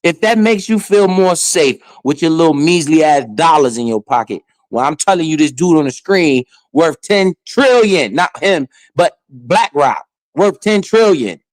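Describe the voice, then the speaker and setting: Animated, heckling man with dry sound. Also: fairly high pitch, measured pace, hardly any pauses, dry recording. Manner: animated, heckling, swears and laughs often. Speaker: finance streamer. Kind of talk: casual commentary over a played clip.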